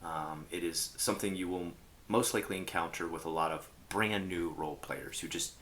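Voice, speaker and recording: Low-voiced man telling tabletop gaming stories. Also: normal speed. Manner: rambling, filler-heavy, animated quoting. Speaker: role-playing game commentator. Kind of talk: casual storytelling to camera.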